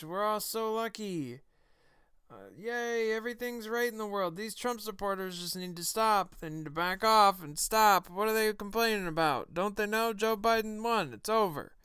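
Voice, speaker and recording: A man putting on a slow, sneering, gleefully mocking voice of an older man in a Mister Plinkett impression. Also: high-pitched, sharp tone, clean tone, no room sound, clean studio sound, pitched above the performer's own voice, exaggerated voice.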